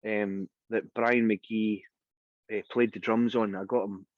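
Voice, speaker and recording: A Scottish singer being interviewed, telling anecdotes in a casual, animated way and acting out the voices of the people in them. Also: male voice, on the low side, slow pace, dry recording. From Scotland. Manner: lively anecdotal storyteller, acts out quoted voices. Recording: dry, dull lo-fi sound.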